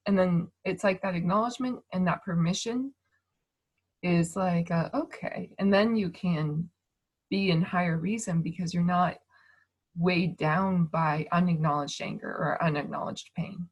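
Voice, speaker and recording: A woman in her thirties, giving a gentle, reassuring talk over a video call and thinking aloud as she goes. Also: lowish voice, moderate pace, breathy edge. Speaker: speaker on emotions and manifestation.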